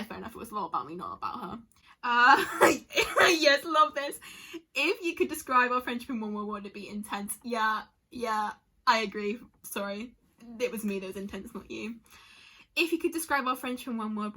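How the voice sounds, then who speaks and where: Bright, breathy young woman vlogging. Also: mid-range voice. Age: young adult. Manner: chatty and emotional, lots of likes and self-interruptions. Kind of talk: casual vlog chat reading out answers.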